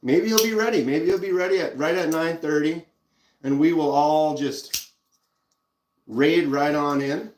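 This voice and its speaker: A man's voice: sits high, roomy sound, a little hiss or hum. A man with a Minnesotan accent, hosting a casual live stream and chatting easily while showing pocket knives. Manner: relaxed, chatty, reads out viewer comments.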